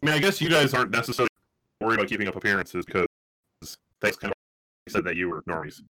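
A man runs a tabletop game as game master, narrating in a rambling way with fillers and restarts. His voice sits low but has a forceful, bright edge. The recording is dry and close. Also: lively intonation, fast, no echo, rough recording. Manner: rambling, many fillers and restarts, laughs often.

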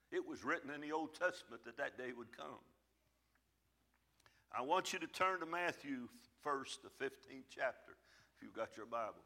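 A man's voice: medium pitch, bright, forceful tone. A man preaching a sermon in church, emphatic and plain-spoken, his volume swelling and falling back. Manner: folksy, plain-spoken phrasing. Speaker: pastor.

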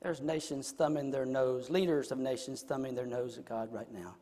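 A man preaching a sermon, moving between soft, intimate passages and loud, shouted declarations. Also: mid-range voice, fairly even intonation, moderate pace. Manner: swings from hushed to shouting. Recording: long reverb in a hall.

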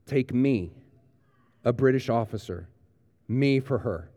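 A man's voice: medium pitch, slow pace, dark tone, big-room sound, natural voice. A man retelling a film scene in a sermon, voicing a proud young British officer who gives himself up for another, in a clipped, formal way. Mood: resolute.

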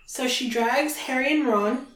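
A woman hosting a podcast, casually retelling a book chapter in chatty, animated fashion. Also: high-pitched, measured pace. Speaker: podcast host. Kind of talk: casual book recap chat. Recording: roomy, distant from mic.

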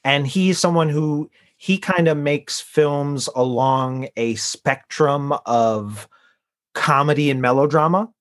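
A man's voice: on the high side, takes it slowly, fairly bright tone. A man co-hosting a podcast, chatting casually and rambling, with lots of fillers as he searches for words. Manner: rambling, many fillers and restarts. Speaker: podcast co-host. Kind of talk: casual chat.

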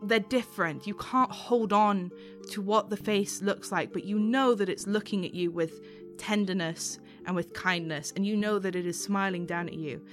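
A woman running a tabletop role-play as game master, narrating scenes in a slow, soothing, descriptive way. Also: medium pitch, faint music behind.

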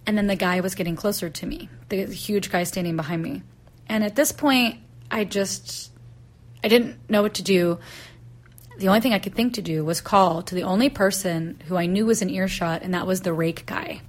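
A woman's voice: medium pitch, moderate pace. A woman in her thirties, a podcast host telling a personal story and acting out the voices in the dialogue she quotes. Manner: animated, acts out voices in quotes.

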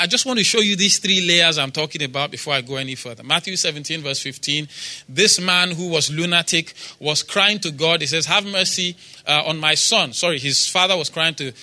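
A man's voice: on the high side, brisk, bright, forceful tone. A man preaching a sermon in a church, quoting scripture with emphasis, repeating phrases and asking the congregation for responses.

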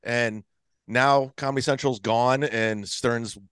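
A man's voice: mid-range voice, steady tone, takes it slowly, a bit bright, clear, resonant tone, no room sound. A man hosting a casual podcast chat, laid-back, asking questions and laughing along. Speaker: podcast host, comedian.

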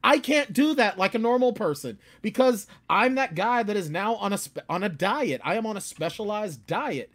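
A man, a guest author, chatting casually and animatedly, often slipping into loud ranting voices. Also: high-pitched, animated, moderate pace, hardly any pauses. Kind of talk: casual chat.

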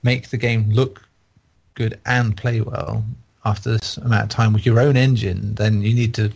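Man, game reviewer, casual chat, rambling, critical, low-pitched, raspy. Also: little pitch movement, normal speed, darkish tone.

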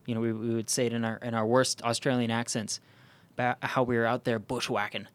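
A man's voice: medium pitch, level tone, brisk, clean tone. Casual rambling man with many fillers. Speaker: podcast host. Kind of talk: casual chat.

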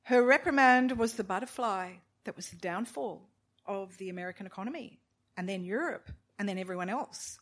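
A woman reading a novel aloud in a measured, expressive storytelling manner, with occasional asides to her listeners. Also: mid-range voice. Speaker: reader of a novel.

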